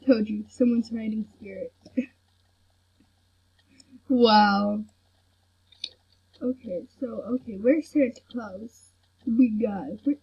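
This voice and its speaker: A young woman giving casual gameplay commentary, excitable and fawning over what she sees, in a soft, breathy voice. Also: fairly high pitch, slow pace, pauses often. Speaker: gamer. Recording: dull lo-fi home recording.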